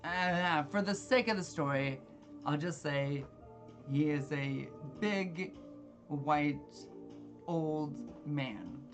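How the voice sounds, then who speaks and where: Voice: mid-range voice, very slow. Gamer rambling thru a story mid-play, swears a lot, medium voice, bit of game music under it. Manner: swears freely, rambling and exasperated. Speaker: gamer telling a story while playing. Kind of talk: casual storytelling with gameplay.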